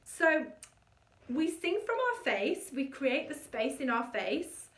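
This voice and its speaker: A woman voice coach leading an energetic vocal warm-up and demonstrating the exercises herself. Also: high-pitched, slow pace, echoey room, distant mic, a little hiss or hum.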